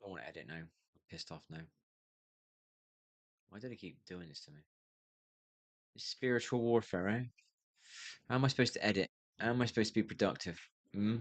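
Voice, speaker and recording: A man's voice: on the low side, fairly quick, long pauses, no room sound. A man in his fifties streaming his gaming, rambling to himself in a tired, muttering way. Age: 50s. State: tired, yawning. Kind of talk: rambling livestream monologue.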